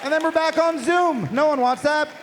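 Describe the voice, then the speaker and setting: Man, stand-up comedian, very high voice, profane, shouting rants, live stage, faint background noise. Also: normal speed, crowd noise.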